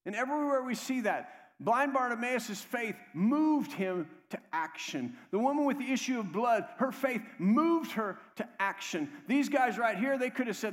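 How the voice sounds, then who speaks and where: A man preaches in a church, his voice high for a man. He moves between quiet, low stretches and raised, urgent calls to the congregation. A long reverb trails every phrase. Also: animated, normal speed, few pauses. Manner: swings between hushed low stretches and loud, raised exhortation; conversational, calls out "come on" to the congregation. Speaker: pastor. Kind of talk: sermon. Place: church sanctuary.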